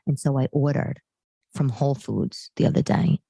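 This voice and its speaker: Middle-aged woman podcast host, low-pitched, rambling and self-deprecating, dry room. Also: normal speed, creaky, dark tone, husky, no room sound. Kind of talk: casual solo chat. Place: living room.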